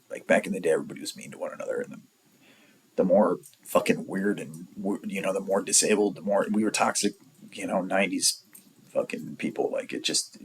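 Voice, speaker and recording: A man's voice: low-pitched, a little mellow, a little hiss or hum, low-quality recording. A man in his forties from the San Diego area, telling a rambling, profane story in a blunt, casual way. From San Diego area, California. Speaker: storyteller vlogger.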